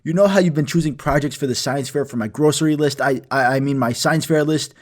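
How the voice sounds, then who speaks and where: Man voicing brash science teacher, swearing, rambling, slightly high voice. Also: brisk, natural voice. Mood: hyped. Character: hyped male middle school science teacher.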